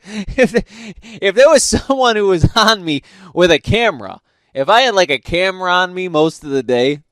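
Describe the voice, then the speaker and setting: Male host, casual profane storytelling, higher-pitched voice, dry sound. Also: moderate pace, no room sound. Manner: profane, laughing, animated storytelling.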